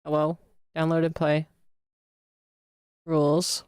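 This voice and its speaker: A woman's voice: low-pitched, completely flat delivery, slow pace, darkish tone, clean tone, no room sound, studio quality. A young adult woman livestreaming games, chatting casually with her viewers and gushing when thanked. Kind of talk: casual gaming livestream chat.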